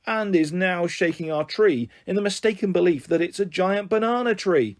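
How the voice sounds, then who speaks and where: A man's voice: sits high, moderate pace, voice pushed up, close to an everyday voice. A man reading aloud, voicing a clever young male writer in a children's storybook, explaining emphatically.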